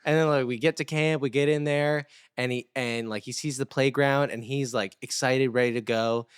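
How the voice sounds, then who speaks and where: Man telling an animated story on a podcast. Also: medium pitch, normal speed, smooth, no echo, clean studio sound. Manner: animated storyteller, acts out quotes. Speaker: podcast regular. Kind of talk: casual storytelling chat.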